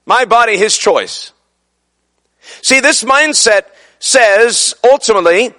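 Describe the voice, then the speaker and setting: A man preaching a fervent sermon, building to shouted peaks. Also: very high voice, lively intonation, takes it slowly, pauses often. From son of a Brooklyn man.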